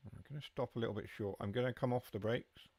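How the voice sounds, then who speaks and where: A man's voice: mid-range voice, steady tone, fast talker, a little mellow, no room sound. A man streaming a train simulator, chatting casually with his viewers as he drives. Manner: chatty, answers chat while driving. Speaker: game streamer. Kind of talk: live gameplay commentary.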